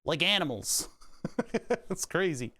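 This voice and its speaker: A man's voice: a little high, sing-song, slow pace, pushed and bright. A man streaming casually while he works on a craft project, rambling and restarting sentences and laughing at puns as he talks to his chat. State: hiccuping, heartburn.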